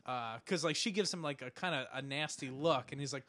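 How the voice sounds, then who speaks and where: A man's voice: fairly high pitch, fairly quick. A man co-hosting a podcast, chatting casually about a TV episode and animatedly acting out characters' lines. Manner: animated, acts out lines in quoted voices. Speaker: podcast co-host. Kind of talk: casual chat recapping a TV episode.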